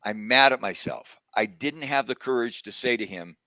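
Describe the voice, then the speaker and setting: A man's voice: medium pitch, moderate pace, pushed and bright, no room sound. A man telling a personal story in a casual video-call conversation, reflective and at times emotional. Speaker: guest speaker.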